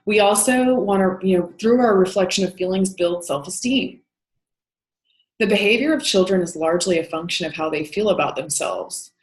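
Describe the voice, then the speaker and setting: A woman's voice: medium pitch, moderate pace, reverberant, rough recording. A woman teaching counseling in a recorded lecture, explaining step by step with frequent "um" and "you know". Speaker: counseling instructor.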